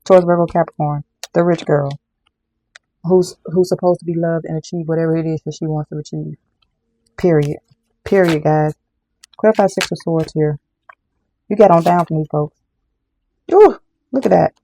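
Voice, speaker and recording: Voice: medium pitch, steady tone, moderate pace, long pauses, dark tone. A tarot reader giving a casual card reading to viewers, emphatic and repetitive, often calling the audience y'all.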